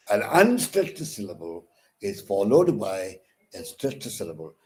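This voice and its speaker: A man's voice: lowish voice, sing-song, normal speed, darkish tone, low-quality recording. A man with an Indian English accent, a counsellor lecturing on poetic meter, repeating phrases and scanning verse aloud with restarts. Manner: restarts mid-word, fillers like uh and okay. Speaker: counsellor for distance learners.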